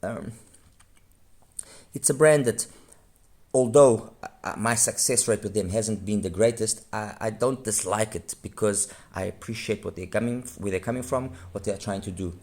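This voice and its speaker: A man's voice: fairly low pitch, normal speed, darkish tone. A man giving a frank, rambling review of audio gear, often stopping to correct himself mid-sentence. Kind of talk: unscripted review monologue.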